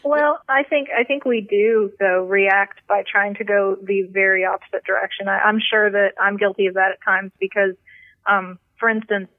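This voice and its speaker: A woman doctor calling in to a podcast, explaining things calmly in casual chat. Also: mid-range voice, moderate pace, no echo. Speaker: doctor, guest caller. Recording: phone line.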